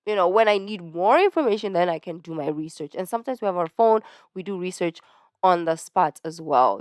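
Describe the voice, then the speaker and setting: A woman chats casually to her audience while reacting to a video. She rambles, tosses in "like" and "right?", and stops now and then to find her words. Her voice is smooth and clear, recorded close in a dry room. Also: fairly low pitch, no echo. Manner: chatty and rambling, full of "like" and "right?"; lively, searches for words mid-sentence. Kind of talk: casual chat to viewers.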